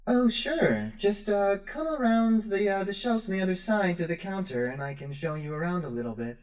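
Sweet melodic robot shopkeeper woman, put on by a man, high, polite, busy, tabletop game. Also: expressive, normal speed. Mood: welcoming.

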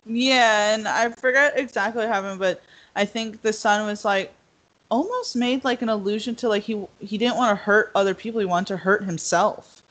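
A woman's voice: mid-range voice, moderate pace, a bit bright. A young woman in casual chat, rambling with lots of fillers and acting out quotes. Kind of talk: casual podcast discussion.

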